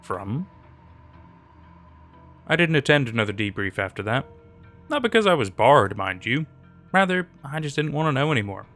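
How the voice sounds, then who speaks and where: A man narrating a first-person horror story in a measured, scripted way. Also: medium pitch, very animated, a bit bright. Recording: narration over faint music.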